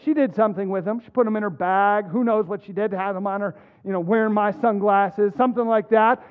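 Middle-aged man, pastor giving a sermon; earnest, halting delivery, higher pitch, narrow tinny audio. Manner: earnest, halting with repeated restarts. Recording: tinny phone-like sound.

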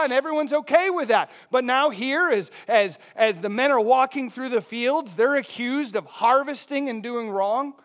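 A man's voice: very high voice, expressive, normal speed, few pauses, fairly bright tone. A man preaching a sermon in a conversational way, asking the congregation rhetorical questions. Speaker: pastor.

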